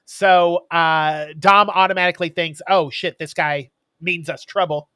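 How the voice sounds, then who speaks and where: A man with a bright, forward voice recaps a film for his podcast co-host. He rambles along with frequent ums. The sound is dry and close. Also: a little high, steady tone, unhurried, clear, resonant tone, no echo. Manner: rambling storyteller with many ums. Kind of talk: casual chat, retelling a movie plot.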